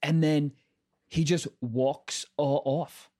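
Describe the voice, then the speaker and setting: A man telling a story in casual podcast chat, animated and acting out the people he quotes, with lots of fillers. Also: a little high, slow pace.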